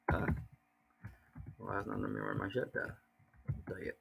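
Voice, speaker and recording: A man's voice: medium pitch, steady tone, normal speed, vocal fry, soft background music. A man teaching an online class, who praises his students and repeats and explains each point patiently. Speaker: language teacher.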